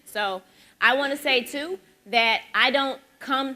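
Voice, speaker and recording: A woman in her forties from Memphis with a Southern accent, giving a lively conversational keynote talk at an education symposium. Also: on the high side, unhurried. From Memphis, Tennessee. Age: 40s. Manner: lively, conversational, rhetorical questions. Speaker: symposium speaker.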